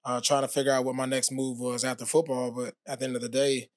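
A man, a former pro athlete, telling his story as a podcast guest in a relaxed, casual way with many fillers. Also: mid-range voice, quick pace, dry recording, clean studio sound. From United States. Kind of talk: casual interview talk.

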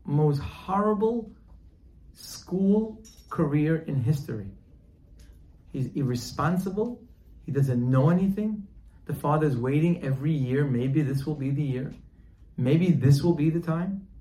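A man's voice: fairly high pitch, animated, unhurried, mellow, roomy sound, rough recording. Man preaching with a dramatic parable. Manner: dramatic, acts out dialogue in a parable. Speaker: religious teacher. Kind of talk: sermon with storytelling.

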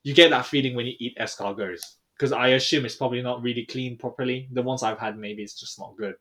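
A young man, co-hosting a podcast and recounting a trip in casual chat, rambling with many fillers and trailing off quietly. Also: medium pitch, fairly even intonation, fast talker. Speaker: podcast co-host.

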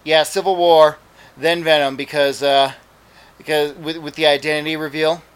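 A man's voice: a little high, flat delivery, normal speed, clean tone. A man co-hosting a casual chat, adding ideas in a laid-back way. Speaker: podcast co-host.

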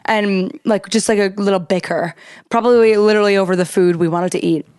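A woman's voice: medium pitch, clear, resonant tone, no echo, clean studio sound. A young adult woman, co-hosting a podcast, telling a story in casual chat and acting out the quotes. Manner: animated, quick storytelling with acted-out quotes. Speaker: podcast co-host.

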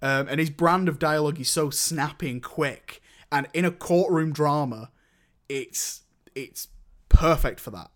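A man's voice: a little high, measured pace, a bit bright. A young man in casual chat, reviewing films with a rambling manner and many restarts. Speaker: podcast co-host reviewing films.

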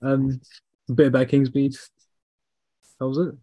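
A man's voice: medium pitch, little pitch movement, measured pace, mellow, breathy edge, no room sound. A man in his twenties, easygoing and enthusiastic, often repeating himself in a casual chat. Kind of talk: casual chat among old friends.

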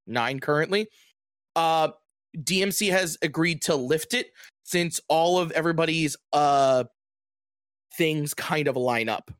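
A man's voice: a little high, a bit bright, no room sound. A man narrating as game master of a tabletop game over a voice call, upbeat and playful with loose narration.

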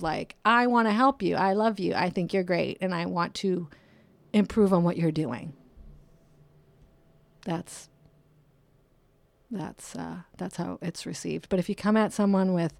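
A woman talks into a close podcast microphone in a casual solo chat, her voice a touch lower than most and dry, with no room sound around it. She swings up and down, dropping into soft whispers and bouncing back with jokey asides. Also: no room sound. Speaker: podcast host.

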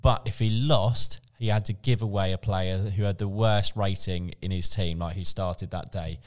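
Smooth-voiced man, casual podcast chat. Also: low-pitched, steady tone, moderate pace, darkish tone. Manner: rambling, lots of fillers and restarts. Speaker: podcast co-host.

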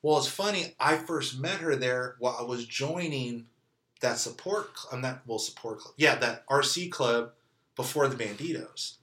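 A man's voice: mid-range voice, normal speed, roomy sound. A man from California casually telling a personal story, laughing often and acting out what people said. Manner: animated, laughing, acts out quoted lines. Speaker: guest telling his story.

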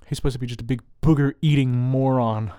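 Man, solo host, crude profane rambler, close mic, dead dry sound, mid-pitched voice. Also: steady tone, fast, warm tone, clean tone, no echo. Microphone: close microphone.

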